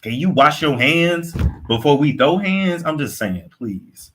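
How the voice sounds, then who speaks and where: Animated bright-voiced gossip host, man. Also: on the high side, a little slow. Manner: animated, swearing, reacting to chat, slips into put-on accents. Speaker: commentary host. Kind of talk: casual gossip commentary.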